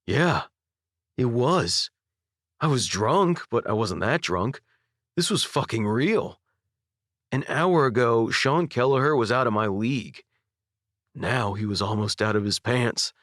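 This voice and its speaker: A young man narrating a first-person audiobook with intimate, expressive storytelling. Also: mid-range voice, unhurried, pauses often, no room sound, clean studio sound. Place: dry recording booth. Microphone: studio microphone.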